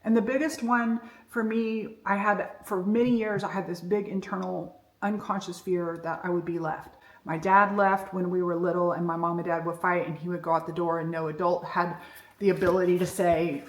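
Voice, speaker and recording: A woman's voice: fairly low pitch, fairly quick. A middle-aged woman giving a candid, reflective personal monologue, telling her story frankly. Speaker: self-development speaker. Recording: echoey room.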